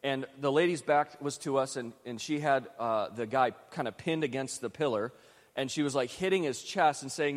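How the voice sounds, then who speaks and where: A man's voice: mid-range voice, fairly quick, long reverb tail. A man from Western New York preaching a sermon, telling a story in a chatty, self-deprecating way with frequent restarts. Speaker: pastor.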